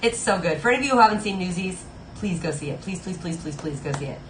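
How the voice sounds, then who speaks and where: A woman's voice: fairly low pitch, animated, fast, slight background noise. A woman live-streaming at the piano, chatting casually and gushing to her viewers between songs. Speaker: live-stream pianist and singer. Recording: roomy sound with loud piano.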